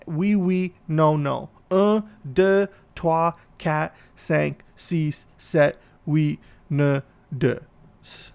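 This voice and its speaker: A man hosting a podcast, delivering a profane, ranting comedic monologue. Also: high voice. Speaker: podcast host.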